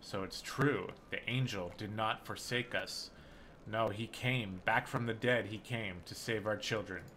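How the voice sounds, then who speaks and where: A man's voice: fairly low pitch, measured pace, pushed and bright, slight background noise. Man reading as a wary old mongrel chief. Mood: moved.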